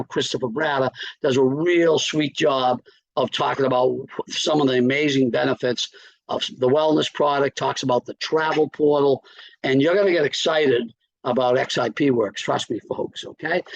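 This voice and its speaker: Male business trainer, upbeat and direct, fairly high voice with a gravelly edge, constantly checking in with listeners. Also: no room sound, lo-fi sound. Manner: upbeat, keeps checking in with "okay?". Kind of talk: coaching presentation.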